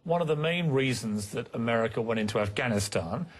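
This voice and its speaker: Husky TV interviewer, pressing. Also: male voice, mid-range voice, expressive, brisk. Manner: challenging, pressing questions. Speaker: TV interview host. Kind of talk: TV news interview.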